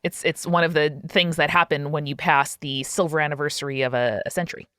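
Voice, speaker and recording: A woman's voice: deep voice, steady tone, brisk, a bit bright, clean tone, dry recording, clean studio sound. A woman in her thirties co-hosting a tabletop game podcast, chatty and playful. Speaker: podcast co-host. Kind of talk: casual chat.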